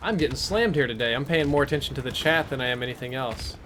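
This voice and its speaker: A man's voice: medium pitch, quick pace, noisy background. A man giving casual live-stream commentary as he plays, chatty and answering chat between plays. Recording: game gunfire under the voice.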